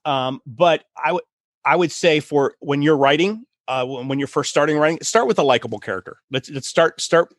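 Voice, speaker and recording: A middle-aged man hosting a casual chat on writing, telling stories in an animated way with laughs and many restarts. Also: on the high side, moderate pace, no room sound, clean studio sound. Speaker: podcast host, writing coach.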